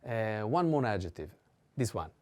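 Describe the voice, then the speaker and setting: A man with an Italian accent teaching vocabulary in a slow, patient way, repeating each word three times and pausing on hesitant fillers. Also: fairly low pitch, big pitch swings, darkish tone.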